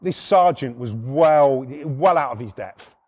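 A middle-aged man with a British accent, telling a rough anecdote in blunt, heavily profane casual speech. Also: mid-range voice, expressive, measured pace, darkish tone, lo-fi sound. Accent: British English. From United Kingdom. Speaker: storyteller.

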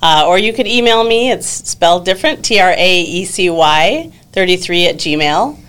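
A woman's voice: on the low side, lively intonation, normal speed, fairly bright tone, smooth. A woman being interviewed as an exchange program coordinator, explaining things in a friendly way with fillers. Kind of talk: casual interview talk.

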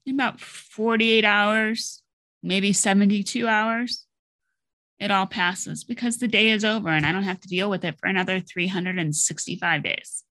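A woman's voice: medium pitch, steady tone, moderate pace, fairly bright tone, no room sound. A middle-aged woman hosting her own podcast, telling a personal story in a blunt, candid way and swearing freely. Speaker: podcast host. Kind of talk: personal monologue.

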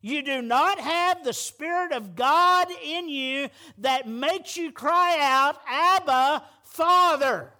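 A pastor delivers a fervent sermon in a strikingly high voice. His tone is bright and forceful. He pushes to loud, emphatic peaks to drive each point home. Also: slow pace, few pauses.

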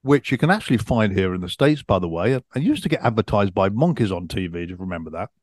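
A man's voice: lowish voice, expressive, fast, a little mellow, dry recording. Easygoing middle-aged English man, dry sound. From England. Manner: easygoing, chatty, self-deprecating. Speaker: podcast co-host. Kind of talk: casual chat.

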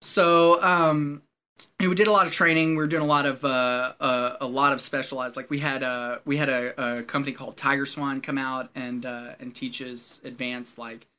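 Laughing, profane former Marine storyteller. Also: male voice, medium pitch, little pitch movement, normal speed, sharp tone, clean tone. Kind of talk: casual storytelling chat.

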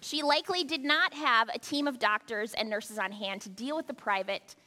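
A woman's voice: a little high, normal speed, pushed and bright. A woman pastor giving a sermon, talking conversationally with rhetorical asides to the congregation. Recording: long hall reverb.

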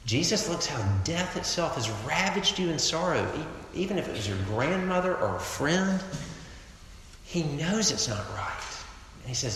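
A man's voice: medium pitch, lively intonation, moderate pace, a little hiss or hum. Man preaching in an echoey hall. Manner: emphatic preacher, swinging from loud to hushed. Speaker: pastor. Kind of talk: sermon. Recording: echoey hall, long reverb.

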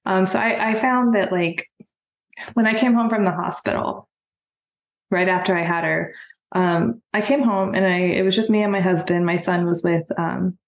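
A woman's voice: lowish voice, moderate pace. Earnest woman in an echoey room. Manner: soft-spoken, earnest, many fillers. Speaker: guest. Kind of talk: personal conversation. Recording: roomy echo.

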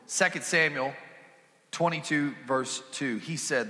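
A male pastor preaches earnestly and reads scripture aloud. His voice is bright and forceful at a middle pitch. A long hall reverb rings after him. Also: lively intonation, moderate pace. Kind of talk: sermon.

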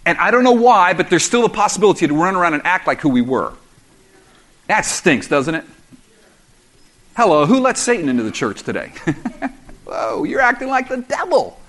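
A man's voice: high-pitched, very animated, moderate pace, pauses often, fairly bright tone. A middle-aged man preaching a sermon as a pastor, conversational and humorous, telling self-deprecating stories.

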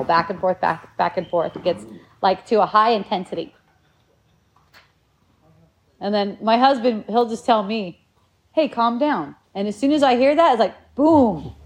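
Woman with a slightly high voice musing. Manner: rambling and reflective, with many restarts. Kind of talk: casual spiritual talk.

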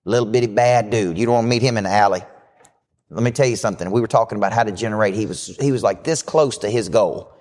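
A man hosting a live business show as a coach, giving a brash, fast-talking motivational pitch. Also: darkish tone. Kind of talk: live podcast talk. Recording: hall reverb.

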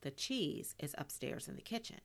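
A curious, level-headed older sister from a storybook, read by a woman. She speaks matter-of-factly in a low, gravelly voice with lively turns. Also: moderate pace, exaggerated voice. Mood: practical.

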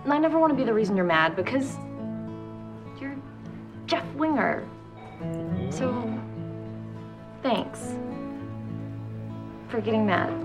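Sweet earnest young woman, high voice going up and down, slow, guitar behind. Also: big pitch swings, heavily acted. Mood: sincere. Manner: heartfelt, halting thanks.

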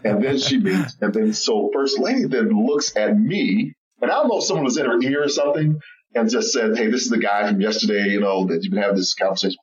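A man's voice: mid-range voice, fast talker. Guy on a podcast telling a story, lots of ups and downs in his voice, a bit far off and muffled. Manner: animated, laughing storyteller. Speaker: podcast guest. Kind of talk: storytelling interview chat.

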